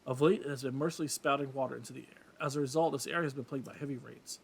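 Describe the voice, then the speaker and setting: A man's voice: medium pitch, steady tone, rapid-fire, vocal fry, husky. A man reading game dialogue as a grand old male fish-folk king with formal, courtly phrasing. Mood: regal. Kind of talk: let's play voice reading.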